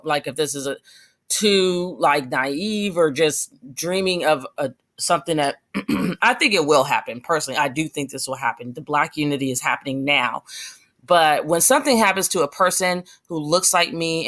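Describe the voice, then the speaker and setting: A woman's voice: low-pitched, a bit bright. A young adult woman giving passionate, rambling commentary on her vlog, with many fillers and restarts. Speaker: vlogger.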